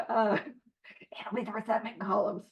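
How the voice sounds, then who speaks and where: A woman's voice: mid-range voice, level tone, measured pace, dull audio. A woman leading a recovery book study, reading passages aloud and explaining them in a chatty, joking way. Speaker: big book study leader. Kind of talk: casual recovery study talk.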